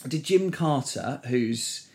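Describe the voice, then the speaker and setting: Comedian telling a story. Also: male voice, mid-range voice, takes it slowly. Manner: animated storyteller, trailing off and restarting. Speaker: comedian and impressionist, guest. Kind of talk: casual anecdote-telling in conversation.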